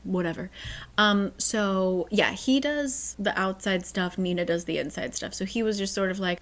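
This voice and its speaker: A woman's voice: mid-range voice, moderate pace, a bit bright. A woman hosting a book channel, recapping a novel in a chatty, casual way with sarcastic asides.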